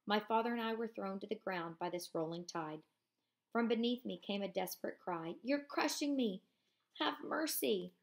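A woman teacher reading a novel aloud in a measured voice, pausing for casual comments to her class. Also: medium pitch.

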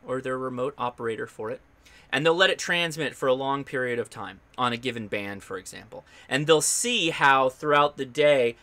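A man's voice: mid-range voice, pushed and bright. A man hosting a live ham radio stream, explaining his gear in a chatty, upbeat way with loose restarts. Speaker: ham radio show host. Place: home radio station.

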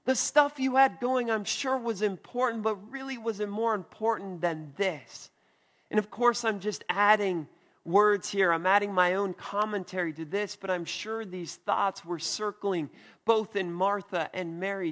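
A man preaching a sermon as pastor, earnest and deliberate, with soft emphatic pauses. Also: high-pitched, fairly even intonation, long reverb tail. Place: church.

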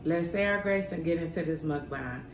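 A woman's voice: low-pitched, a little fast. A woman chatting casually to her viewers as she sets up a mukbang at home, a little out of breath. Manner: chatty, addresses viewers as y'all. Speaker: mukbang vlogger. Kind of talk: casual chat to camera. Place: home, indoors. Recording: echoey room, faint background noise.

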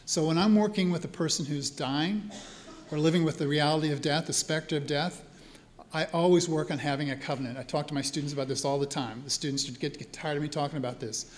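A priest who teaches spiritual care tells stories to a live audience at a church hall event, speaking in a chatty way and often checking in with listeners. His voice is on the high side and fast, with a little hiss or hum in the recording.

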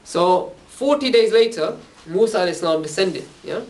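Speaking to youth in an informal religious talk, a man with a high, slightly mellow voice and lively intonation tells stories loosely at a moderate pace. He checks in with "yeah?" after almost every phrase, and the mic sits far from him.

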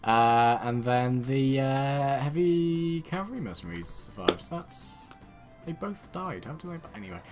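A British man from the United Kingdom giving rambling, excitable game commentary with sarcastic asides. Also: medium pitch, unhurried, music in the background. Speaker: let's play gamer.

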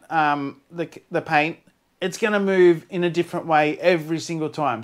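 Man, Australian accent, art vlogger, casual chat, excitable, laughs a lot, camera mic. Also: high-pitched. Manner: excitable, laughs often, bursts into shouts.

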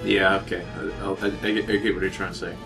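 A man's voice: low voice, little pitch movement, fast, vocal fry, fairly bright tone, recorded from a distance. A man playing a video game and trading dry, joking comebacks with friends. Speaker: player. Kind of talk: casual let's-play banter. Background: game music.

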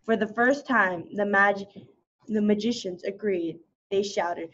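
Brief: woman storyteller reading to kids, lively with small restarts, medium pitch, dull lo-fi sound. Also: measured pace. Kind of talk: reading a picture book aloud.

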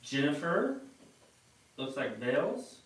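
A man's voice: a little high, very animated, slow pace. A man from the United States acting as the show's coordinator, reading viewer comments aloud in an easygoing, joking way. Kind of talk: casual live-stream chat. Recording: distant echoey mic.

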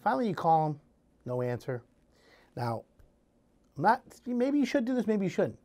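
Guy giving contractor advice, lively up and down delivery, acts out little scenes as he goes. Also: high-pitched, moderate pace. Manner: animated storytelling, acting out scenarios. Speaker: home improvement advisor. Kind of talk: casual advice talk.

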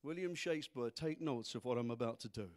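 A man preaching a sermon, acting out scripture figures with humor and animated emphasis. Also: medium pitch, a little fast. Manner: animated, acts out Bible characters, laughs at own jokes. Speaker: pastor.

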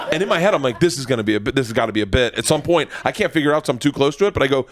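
A man's voice: mid-range voice, sing-song, very fast, noisy background. A man from Florida, a stand-up comedian, telling stories in a radio studio interview, laughing and acting out the people he quotes. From Florida, USA. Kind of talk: storytelling interview.

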